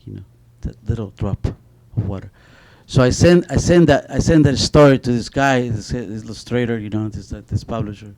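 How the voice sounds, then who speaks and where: A man's voice: mid-range voice, moderate pace, hardly any pauses, a little mellow. A middle-aged man speaking on an author panel, telling stories animatedly with many restarts and a repeated "you know.". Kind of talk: panel talk with spoken storytelling.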